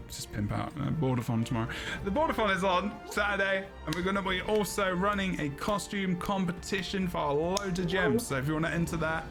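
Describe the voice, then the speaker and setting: A man hosting a gaming podcast in casual chat, rambling and joking between plugs. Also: on the high side. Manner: rambling, jokey, laughs often. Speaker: podcast host.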